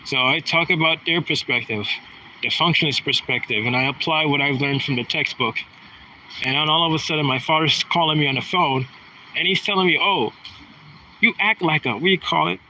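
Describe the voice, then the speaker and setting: A man's voice: on the high side, brisk, bright, forceful tone, a little hiss or hum, poor audio. Aggrieved rambling man in his thirties. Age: 30s. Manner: rambling, aggrieved, many restarts. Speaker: vlogger. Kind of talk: casual monologue.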